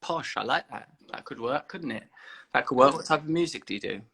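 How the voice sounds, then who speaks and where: A man hosting a live video chat, teasing and then warmly encouraging a young caller. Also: medium pitch, expressive, a little fast, vocal fry, breathy edge. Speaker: host of an Instagram live chat. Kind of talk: casual live-stream chat.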